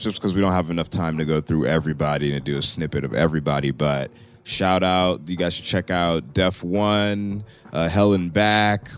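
A man's voice: low voice, clean tone. A man co-hosting a podcast in casual, loose and profane chat. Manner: laid-back, loose and profane. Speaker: podcast co-host.

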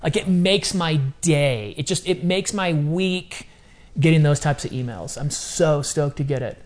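A middle-aged man talking as a podcast guest in casual interview chat, animated and repeating phrases for emphasis. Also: fairly high pitch, measured pace. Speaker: podcast guest, ministry founder.

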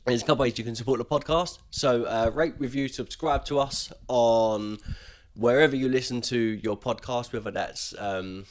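A man's voice: medium pitch, normal speed. Male podcast co-host, loose chatty delivery, lots of fillers and restarts. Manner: rambling, many ums and restarts. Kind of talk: casual chat.

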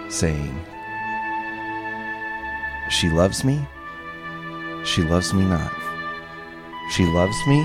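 A man doing a hushed, drawn-out mock ad narrator. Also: low-pitched, full character voice. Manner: hushed, dramatic, drawn-out storytelling.

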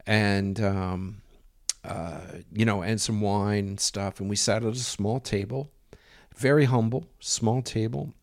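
A man's voice: on the low side, steady tone, slow pace. A man telling a rambling personal anecdote in a casual way, full of fillers and quoted dialogue. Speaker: storyteller.

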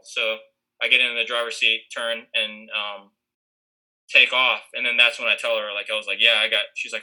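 A man's voice: medium pitch, fairly even intonation, brisk, bright, forceful tone, low-quality recording. A man casually telling a long story with lots of fillers and restarts. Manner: rambling, many fillers.

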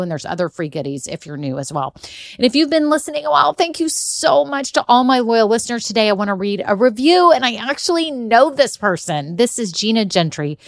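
A woman's voice: medium pitch, dry recording, clean studio sound. A woman hosting her own podcast as a business coach, talking in an upbeat, encouraging, chatty way. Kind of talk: solo podcast talk.

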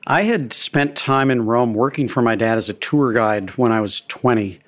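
A middle-aged restaurateur, appearing as a guest in a conversational storytelling interview, recalls his early days with easy anecdotes and a touch of self-deprecating humor. His pitch sits in an ordinary middle register, and he speaks unhurriedly.

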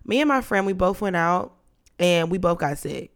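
A young woman hosting a podcast in casual chat, playful and dramatic, her voice lowered and rough from being sick. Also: lively intonation, moderate pace. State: sick, voice deeper than usual. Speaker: podcast host.

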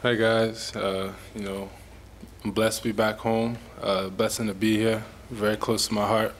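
A young man giving brief, soft-spoken answers at a press conference. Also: lowish voice, little pitch movement, measured pace, a little hiss or hum. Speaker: football player at press conference.

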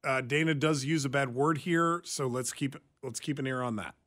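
A man co-hosting a radio show, ribbing his partner and telling stories in casual banter. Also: mid-range voice. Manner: quick to rib, storytelling, animated. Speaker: radio co-host. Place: radio studio.

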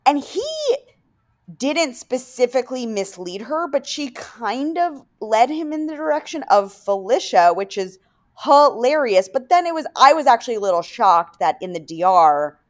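A woman talks on a podcast with a lively, swooping pitch. She tells gossip stories excitedly, rushing through her points. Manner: animated, excitable storytelling. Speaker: podcast co-host. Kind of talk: casual chat.

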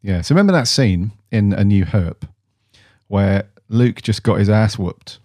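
Brief: male co-host, lowish pitch, laid-back banter, casual swearing. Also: unhurried, a little mellow, no echo, studio quality. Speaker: podcast co-host. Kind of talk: casual chat.

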